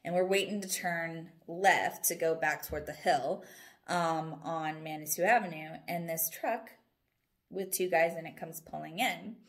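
A woman's voice: sits low, a little slow. Chatty young woman telling a story. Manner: rambling, animated, laughing storyteller. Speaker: vlogger. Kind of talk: casual storytelling vlog. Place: at home, indoors.

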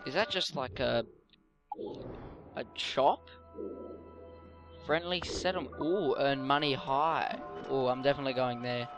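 A man's voice: mid-range voice, unhurried, pauses often, music in the background. A man giving casual, rambling commentary while playing a video game. He often gets tongue-tied and swears offhandedly. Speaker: let's play gamer.

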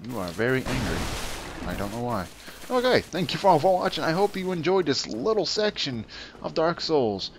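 A man hosting a let's play, giving excitable, taunting, profane gameplay commentary. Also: fairly high pitch, moderate pace, background noise.

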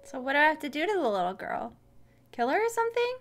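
High-voiced young woman gaming streamer. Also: quick pace. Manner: expressive, swearing, laughing reactions. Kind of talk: gaming commentary.

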